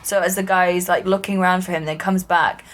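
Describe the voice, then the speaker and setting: A woman's voice: on the low side, steady tone, fast talker, a bit bright. Sweary woman, comedy podcast host. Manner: sweary, storytelling, acts out quotes. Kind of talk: casual comedic chat.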